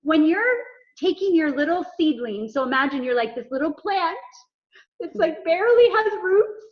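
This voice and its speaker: A woman's voice: extremely high pitch, moderate pace. A woman, an executive coach, talking in a casual interview and telling stories with acted-out dialogue. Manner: animated storyteller acting out dialogue. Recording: dull lo-fi sound.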